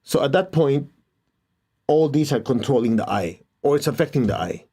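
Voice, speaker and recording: A man teaching and leading a guided meditation, giving calm, gentle instructions and prayers. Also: mid-range voice, normal speed, husky.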